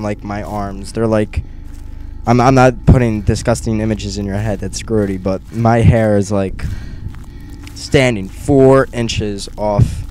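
Recorded through a gaming headset in a dark room, this young man's let's play of a horror game is full of anxious muttering and sudden frightened yelps. His pitch is fairly low, and there's a slight hiss or hum in the audio.

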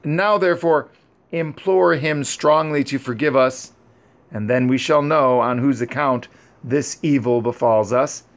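A man's voice: medium pitch, unhurried, lightly acted. A man reading aloud and voicing frightened caravan men who plead urgently for forgiveness. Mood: fearful, pleading.

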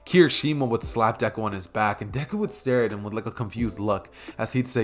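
A man's voice: on the low side, fairly quick, few pauses. A young man casually improvising a fan story, rambling with many fillers and chuckling asides, at a desk mic by a keyboard.

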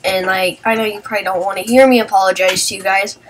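A woman's voice: medium pitch, fairly even intonation, fast talker, distant mic, a little hiss or hum. A young woman vlogger chatting through a casual voice-over, rambling about what her friends are doing. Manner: rambling and chatty, narrating what friends do and acting out their lines. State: sleepy, just woke up. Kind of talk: casual voice-over commentary on video clips.

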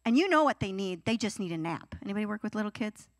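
A woman's voice: medium pitch, quick pace, dry recording. A young adult woman preaching a youth sermon, acting out whiny teenage pleas as she goes. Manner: animated, acts out whiny teenage voices. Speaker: youth pastor.

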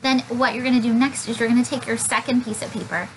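A woman's voice: on the high side, fairly even intonation, fast, a little hiss or hum, poor audio. A woman Sunday school teacher leading a children's craft, upbeat and encouraging.

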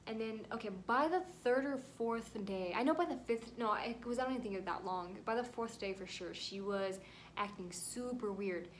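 A woman's voice: on the high side, moderate pace, slight background noise. Rambling young woman telling a story. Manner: rambling, emotional, near tears at times. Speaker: vlogger. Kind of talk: casual storytime vlog.

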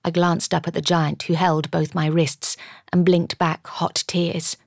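A woman with a low, gravelly voice reads a first-person audiobook with dramatic, measured storytelling. Her comes through clearly in a dry, close recording. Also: little pitch movement, no echo. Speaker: audiobook narrator. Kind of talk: audiobook narration.

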